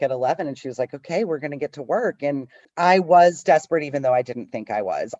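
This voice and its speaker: A woman's voice: rumbling low, no room sound, lo-fi sound. A woman telling her recovery story in a conversational way, acting out the voices she quotes. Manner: animated, acts out quoted voices. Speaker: guest sharing a recovery story.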